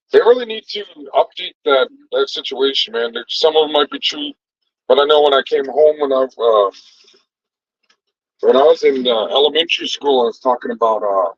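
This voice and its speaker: A man's voice: medium pitch, no echo, muffled recording. A middle-aged man who cooks and sells food, chatting loosely into his phone during a livestream with lots of fillers and easy laughter. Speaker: food truck cook and vlogger. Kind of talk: casual livestream chat.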